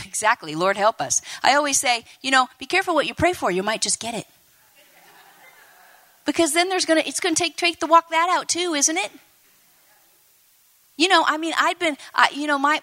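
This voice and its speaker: Bright-voiced woman preaching a sermon. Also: high-pitched. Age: 50s. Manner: animated, talks to the congregation, acts out quoted voices.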